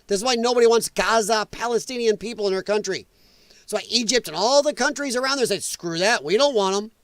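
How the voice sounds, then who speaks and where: A man's voice: high voice, brisk, a bit bright, dry recording. A man hosting a podcast, ranting about the news in a blunt, angry, profane way. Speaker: podcast host.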